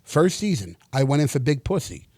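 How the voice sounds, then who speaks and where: Animated storytelling man, slightly high voice. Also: fairly quick, no room sound, studio quality. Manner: animated, acts out quoted dialogue, swears freely. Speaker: actor and interview guest. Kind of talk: casual storytelling interview.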